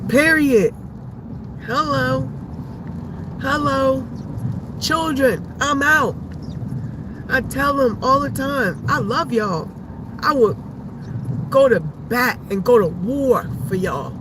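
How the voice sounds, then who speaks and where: A woman's voice: high-pitched, slow pace, long pauses, background noise. A woman hosting a live stream, talking to viewers about faith in an emphatic, repetitive, preachy way. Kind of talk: casual faith talk to viewers.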